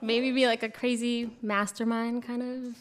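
A woman's voice: fairly high pitch, little pitch movement, normal speed. A woman contestant on a live quiz show, giving short, shy answers with small laughs.

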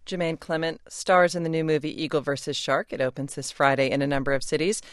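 A radio interviewer narrating scripted introductions and asking questions with a crisp, wry delivery. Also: mid-range voice, little pitch movement, quick pace, dry recording, clean studio sound.

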